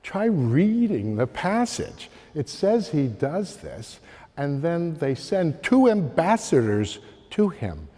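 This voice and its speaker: A man giving an art history slide lecture, halting with many fillers and calling for the next slide. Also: on the high side, very animated, dark tone. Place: lecture hall. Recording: long hall reverb.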